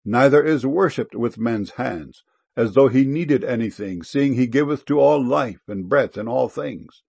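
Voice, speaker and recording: A man giving a solemn, measured reading of King James scripture. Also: medium pitch, creaky, a little mellow, breathy edge.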